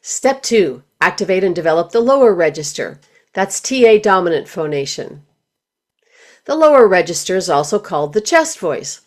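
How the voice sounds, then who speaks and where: A woman voice teacher giving scripted instructional narration, speaking in a clear, measured, explanatory way. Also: fairly low pitch, very animated.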